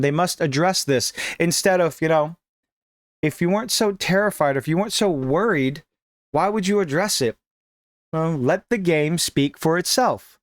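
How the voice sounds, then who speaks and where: Man, sarcastic gaming commentary, emphatic, very animated pitch, dry close sound. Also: no room sound. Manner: sarcastic, emphatic, dramatic pauses. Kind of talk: opinionated online commentary.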